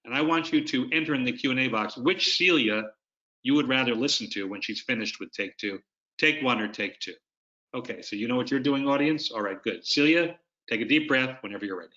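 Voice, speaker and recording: Bright-voiced man presenting a webinar. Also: medium pitch, brisk. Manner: coaching, explains with demonstrations. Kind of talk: instructional webinar talk. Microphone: video call. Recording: dull lo-fi video-call audio.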